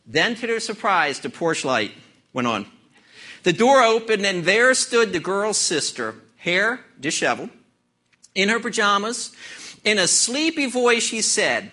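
Animated, bright-voiced male pastor. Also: high-pitched, unhurried. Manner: animated storytelling, plays out voices in jokes. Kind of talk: sermon.

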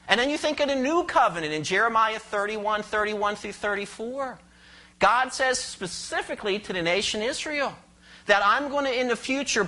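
A pastor preaching a sermon, expressive and questioning the congregation, explaining scripture verse by verse. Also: mid-range voice. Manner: explains Greek words and cites verses.

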